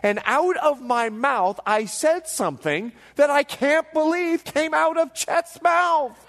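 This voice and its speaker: A man in his forties, a pastor preaching a sermon to a congregation with animated storytelling, acting out the voices he quotes. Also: extremely high pitch, slow, creaky. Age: 40s. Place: church hall before a live congregation.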